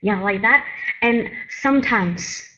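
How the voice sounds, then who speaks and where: A woman's voice: on the high side, slow, pushed and bright, highs cut off. A woman teaching English, patiently correcting a student's intonation and modeling sentences. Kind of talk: pronunciation coaching.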